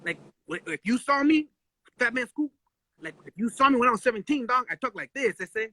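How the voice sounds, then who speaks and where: A man telling animated stories in a casual live-stream chat, full of slang and swearing, acting out quotes. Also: very high voice, fast, no echo. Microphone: phone live stream.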